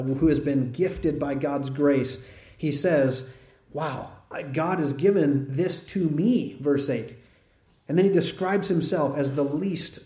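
Man preaching a sermon in a roomy hall. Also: a little high. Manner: conversational teaching, animated when telling a story. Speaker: pastor. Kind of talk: expository sermon.

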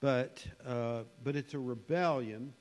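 A man preaching a conversational sermon in a church hall, musing and unhurried, with frequent fillers. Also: medium pitch, a little mellow. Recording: long hall reverb.

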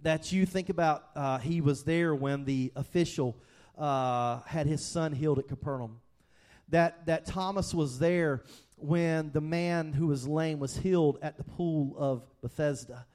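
Male pastor, fairly high voice, earnest, chatty sermon delivery with frequent restarts. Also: measured pace, darkish tone. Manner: earnest, conversational, repeats and restarts words.

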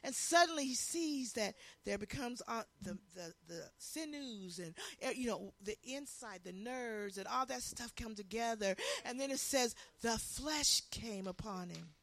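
A woman preaching a sermon with passion, swinging from loud, shouted lines to hushed ones. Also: on the high side, lively intonation, a little slow, few pauses.

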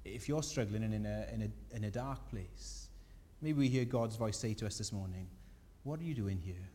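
A man preaching a sermon as pastor, earnest and gentle, his emphasis rising on key points. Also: on the low side, normal speed, long reverb tail. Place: church.

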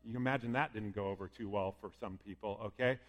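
A man preaching a sermon in a conversational, lively way, often acting out what people might say. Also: fairly low pitch, quick pace. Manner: lively, conversational, acts out quoted voices. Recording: long hall reverb.

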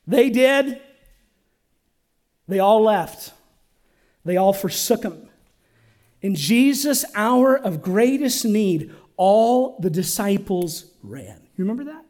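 A male pastor with a high, expressive voice preaches slowly in church, urging the congregation to respond. His volume swings between loud and hushed.

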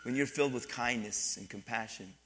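Bright-voiced pastor preaching with swings in force. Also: male voice, mid-range voice, brisk, husky. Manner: animated, swings from quiet to emphatic, asks the congregation questions. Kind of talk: sermon.

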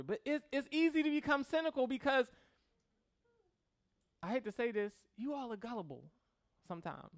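Man, pastor, conversational sermon, joking, gravelly, very lively pitch. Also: normal speed, pauses often. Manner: joking, conversational, mimics congregation.

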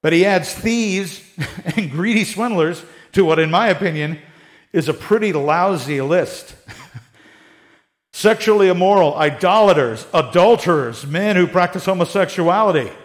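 A man's voice: high-pitched, a little slow. A man teaching the Bible in a casual, conversational way, joking and acting out the people he talks about. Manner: animated, joking, acts out quotes in voices.

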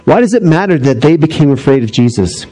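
A middle-aged man preaching a sermon, animated as he tells stories and acts out voices, dropping low and slow for solemn points. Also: low-quality recording. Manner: animated storytelling, acting out voices. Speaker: pastor.

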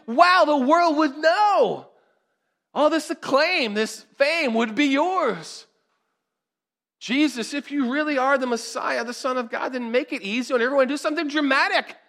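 A wheedling devil, a male tempter who coaxes and urges with theatrical push, as a preacher puts him on. The voice sits very high and gets louder and more insistent than the speaker's usual talk. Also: unhurried, full character voice. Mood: coaxing.

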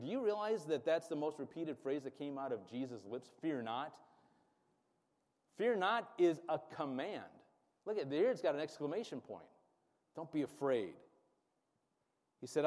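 A man's voice: on the high side, lively intonation, moderate pace, a little mellow. A man preaching a sermon who keeps checking in with his congregation and has them repeat phrases after him. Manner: call-and-response, checking in with the congregation. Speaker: pastor. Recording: reverberant hall sound.

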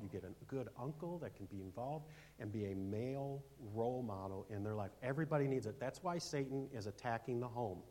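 A man preaching a sermon as pastor, speaking emphatically, asking for amens and swinging from loud declarations to hushed asides. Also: medium pitch. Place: church.

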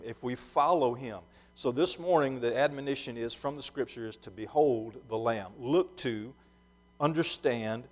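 A man preaching a sermon in earnest, often restarting and repeating phrases, dropping soft and low at times, then rising to louder emphatic lines. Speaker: pastor.

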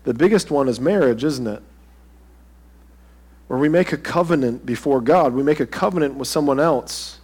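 A man's voice: medium pitch, normal speed, a little mellow, breathy edge. A pastor preaching a sermon to his congregation in a conversational way, asking them direct questions.

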